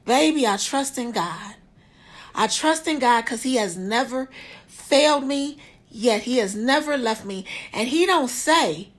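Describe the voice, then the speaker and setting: Woman, high voice, earnest faith testimony, preachy, talks to viewers, hospital room, phone video. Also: lively intonation, measured pace. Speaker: vlogger sharing a health update.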